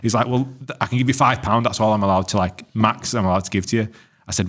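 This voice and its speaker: Man, low voice, podcast co-host, sweary storyteller, acts out dialogue. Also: fast, a bit bright. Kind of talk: casual chat.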